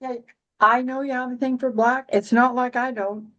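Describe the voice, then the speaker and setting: A woman's voice: high-pitched, fairly even intonation, moderate pace, fairly bright tone, dull audio. A woman hosting a casual astrology chat, rambling with many restarts and dry, giggly humor. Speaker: astrology podcast host.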